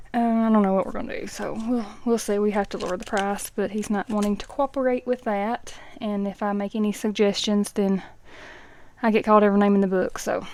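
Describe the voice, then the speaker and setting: A middle-aged woman chats casually as she counts cash out loud, sometimes dropping into a soft whisper. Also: mid-range voice. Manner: counts bills aloud, chatty asides, dips into soft whispers. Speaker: budgeting vlogger.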